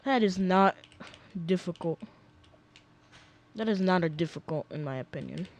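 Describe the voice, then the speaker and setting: A young man rambles casually through gameplay commentary at home on a desk mic, frequently sidetracked and full of fillers. He sounds high-pitched and animated, talking at a normal speed with slight background noise.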